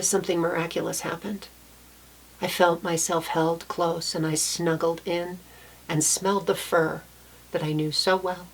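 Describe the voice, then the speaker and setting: A woman recounting her own childhood story in a soft-spoken, reflective way, with small restarts. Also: fairly low pitch, creaky, slightly rough. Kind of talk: personal storytelling.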